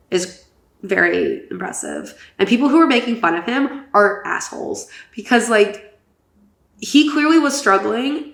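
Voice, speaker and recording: A young woman co-hosting a podcast, giving a casual, animated race recap full of fillers. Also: a little high, creaky, roomy sound. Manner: chatty, filler-heavy, animated. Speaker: podcast co-host.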